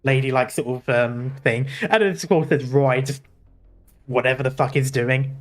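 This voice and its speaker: A streamer casually commenting on a game and reading its story aloud, easily amused and often breaking into laughter. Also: male voice, medium pitch, normal speed.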